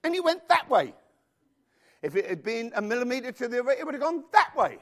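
A man delivers a sermon in a high voice that leaps up and down. He is emphatic and animated, pressing his congregation with questions. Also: a little fast. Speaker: preacher.

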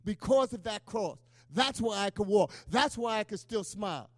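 Middle-aged pastor man preaching, really high voice, dry close sound, chatty asks the crowd amen. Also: lively intonation, moderate pace, dry recording. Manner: emotional, conversational preaching with call-and-response asides. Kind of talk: sermon.

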